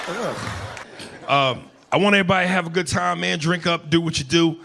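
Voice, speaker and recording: Profane stand-up comic, loud crowd. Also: male voice, fairly high pitch, fairly quick, creaky, noisy background. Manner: loose, profane storytelling with bursts of shouted impressions. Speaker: stand-up comedian. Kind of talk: stand-up comedy set. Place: comedy club stage. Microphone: handheld stage mic. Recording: live club recording with crowd laughter.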